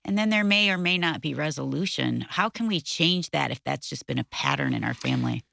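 A woman co-hosts a conversation and voices listeners' worries to her guest. Her voice is bright with a gravelly edge, and her pitch swings widely. The sound is dry. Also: lively intonation, a little fast, dry recording. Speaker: co-host. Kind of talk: podcast conversation.

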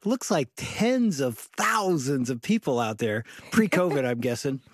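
A man's voice: mid-range voice, sing-song, a little slow, no echo, clean studio sound. Playful man co-hosting a talk show. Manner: playful, teasing questions. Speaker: radio show co-host. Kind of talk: casual talk show chat.

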